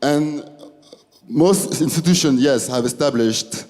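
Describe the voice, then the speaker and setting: A man's voice: mid-range voice, a little mellow. Young Belgian man with a French accent. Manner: halting, restarting phrases. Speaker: student speaker. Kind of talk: presentation speech. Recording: long hall reverb.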